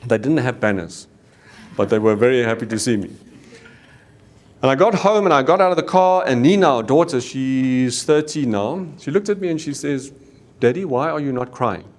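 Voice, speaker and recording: A man's voice: medium pitch, normal speed. South African man telling a story. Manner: earnest storytelling with Afrikaans exclamations. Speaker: business leader. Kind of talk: leadership talk.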